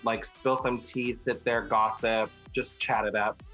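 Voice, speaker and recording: A man's voice: mid-range voice, flat delivery, a little slow, fairly bright tone, faint music behind, rough recording. A man who performs in drag, talking playfully and sassily in an interview. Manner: playful, sassy. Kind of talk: documentary interview.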